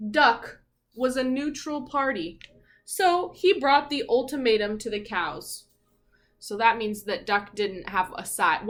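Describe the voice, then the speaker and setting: Slow gentle woman teacher reading aloud. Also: mid-range voice. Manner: gentle, explains words and asks children questions. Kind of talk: reading a picture book aloud to children.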